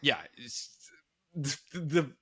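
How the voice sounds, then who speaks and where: A man in his forties co-hosting a comedy podcast, telling stories in an animated way. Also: on the high side, drawn-out words, husky, dry recording, studio quality. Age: 40s. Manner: animated storyteller, jumps into voices. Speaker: podcast co-host. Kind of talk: casual comedy chat.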